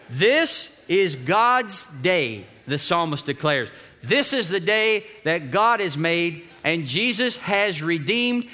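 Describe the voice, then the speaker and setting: Bright-voiced, high-pitched male preacher. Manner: animated preaching, calls on congregation to repeat phrases. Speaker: pastor. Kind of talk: sermon.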